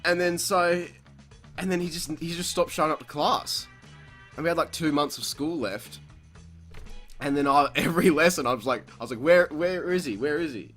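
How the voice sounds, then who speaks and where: A young man hosts a casual podcast chat, his voice a bit high and sharply bright. He swears constantly, laughs between lines and bellows the words he quotes. Soft music plays underneath. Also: normal speed, pauses often. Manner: profane, laughs often, acts out quotes loudly. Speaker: podcast host.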